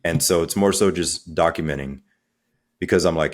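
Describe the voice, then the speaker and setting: A man speaking as a coach in a podcast interview, energetic and conversational, acting out little quotes as he talks. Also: deep voice, normal speed. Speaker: guest, transformational coach.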